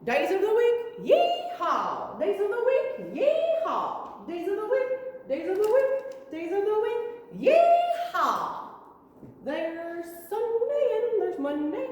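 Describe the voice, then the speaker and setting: A woman's voice: very high-pitched, huge pitch swings, slow, voice pushed up, heavily acted. A woman voicing a singing cowboy who whoops between chanted lines for children. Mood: rowdy cheerful. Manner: sing-song chanting with loud whoops. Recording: echoey room with long reverb.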